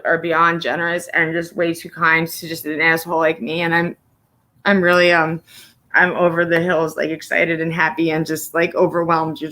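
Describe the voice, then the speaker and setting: A woman's voice: lowish voice, fairly bright tone. A woman hosting a casual livestream from home, talking bluntly with a lot of swearing, laughing often and turning emotional and teary at times. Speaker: livestream host.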